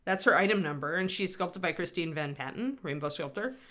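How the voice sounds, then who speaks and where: A woman's voice: lowish voice, lively intonation, fairly quick, a bit bright. A middle-aged woman hosting a casual livestream, chatting in a rambling way and answering viewers while painting miniatures.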